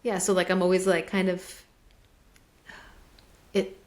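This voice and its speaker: A woman who lives in German-speaking Switzerland co-hosts a podcast, chatting casually and telling rambling stories in which she acts out other people's lines and says "like" a lot. Her voice is on the low side and a little mellow, with a flat delivery and a measured pace.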